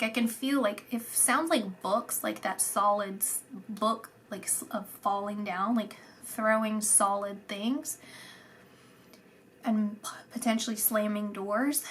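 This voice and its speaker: A woman giving a channelled psychic reading, soft and meandering, repeating words and sometimes dropping into a whisper. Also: mid-range voice, steady tone, slow pace, a little hiss or hum. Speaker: psychic reader.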